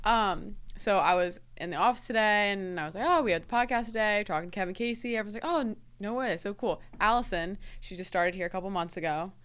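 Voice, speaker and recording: A young woman who talks quickly, co-hosting a relaxed podcast. She is upbeat and chatty, her voice at a middle pitch, and she runs her questions together at speed. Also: smooth. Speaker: podcast co-host, club reporter. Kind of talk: casual podcast chat.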